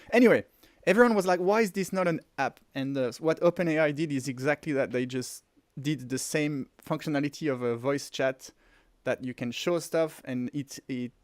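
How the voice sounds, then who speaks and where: A man in his forties with a French accent, co-hosting a casual livestream and talking in an excited, rambling way with many restarts. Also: on the high side, no echo, studio quality. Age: 40s. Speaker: podcast co-host. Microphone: headphones and close mic.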